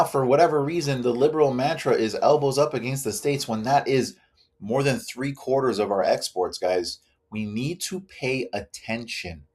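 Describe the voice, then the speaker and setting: A man's voice: mid-range voice, a little mellow. A man hosting a reaction video, ranting bluntly with plenty of swearing and repeated "guys". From Canada. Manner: blunt and profane, keeps addressing viewers as guys. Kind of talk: ranting commentary.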